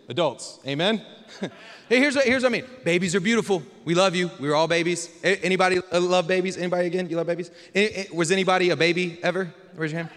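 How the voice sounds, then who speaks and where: Joking pastor with a high voice. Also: male voice, quick pace, a bit bright, long reverb tail. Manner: casual, joking, calls for amens. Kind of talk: lively sermon.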